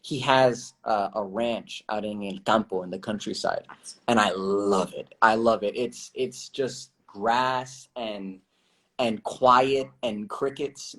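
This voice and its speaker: A young man, an actor guest, chatting loosely on a livestream, laughing often and pausing with fillers. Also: medium pitch. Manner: relaxed, laughs often, many fillers and restarts. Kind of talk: casual livestream interview.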